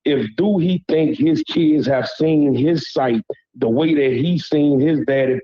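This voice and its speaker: A man with a Southern drawl, originally from Louisiana, calls into a live panel and vents in blunt slang, pausing again and again to ask whether he's being heard. His voice sits fairly high for a man. The call comes through muffled and lo-fi. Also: dark tone. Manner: heated, repeats "you hear me", blunt slang. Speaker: caller on a panel. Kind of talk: heated call-in rant.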